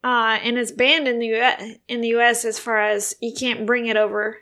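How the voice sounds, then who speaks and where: A woman's voice: on the high side, level tone, moderate pace, bright, forceful tone. Chatty, giggly woman. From United States. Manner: chatty, giggly, lists things off. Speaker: podcast co-host. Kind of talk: casual chat.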